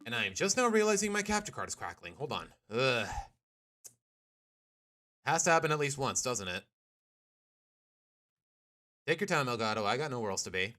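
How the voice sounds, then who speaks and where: A young man live-streaming a video game, chatting casually with viewers in an animated, jokey way and sometimes slipping into silly accents. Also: medium pitch, moderate pace, long pauses.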